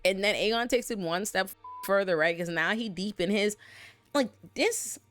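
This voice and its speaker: Animated woman recapping a TV episode. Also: medium pitch, normal speed, soft background music. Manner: animated, laughing, profane. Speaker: TV recap host. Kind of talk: casual profane recap commentary.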